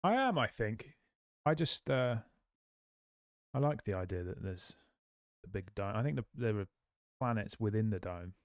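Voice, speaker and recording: A man co-hosting a podcast, bantering in a dry, deadpan way. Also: fairly low pitch, normal speed, pauses often, no room sound. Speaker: podcast co-host. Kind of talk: casual chat. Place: studio.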